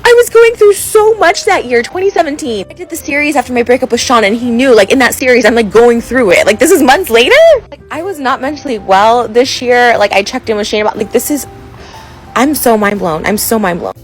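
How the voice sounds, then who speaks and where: Speaking on the high side, expressive and fairly fast, this influencer rants emotionally into her phone, upset and close to tears, with constant fillers and sentences left unfinished. Behind her is faint music, and the recording is low quality.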